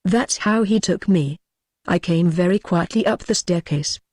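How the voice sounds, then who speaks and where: A man reading the part of an earnest gentleman who confides his ghost encounter to friends in an audiobook. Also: high-pitched, a little slow, dry recording, studio quality.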